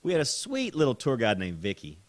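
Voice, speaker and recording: A man hosting a podcast, telling a story in a casual, animated way with laughter and repeated words. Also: mid-range voice, fairly quick, no echo. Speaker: podcast host.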